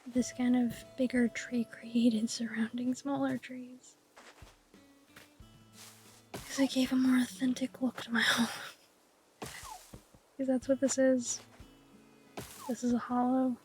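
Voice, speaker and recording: A high-voiced woman whispers raspy, low-key chatter while streaming a game, in a fairly level tone. Her playful, mock-grand musings stay hushed throughout. Soft guitar music plays faintly behind her. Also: little pitch movement, takes it slowly, long pauses. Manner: whispering softly. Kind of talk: casual gameplay chat.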